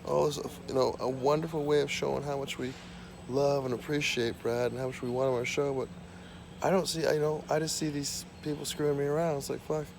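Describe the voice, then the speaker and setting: Gravelly man ranting to camera. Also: medium pitch, level tone, brisk, background noise. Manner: ranting, profane, repetitive, drifting off topic. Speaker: vlogger. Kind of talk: rambling monologue to camera. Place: small home.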